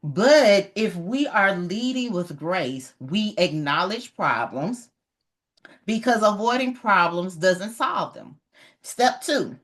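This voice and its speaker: A middle-aged woman giving an animated, emphatic motivational talk on leadership, repeating her key points. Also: medium pitch, slow pace. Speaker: leadership educator.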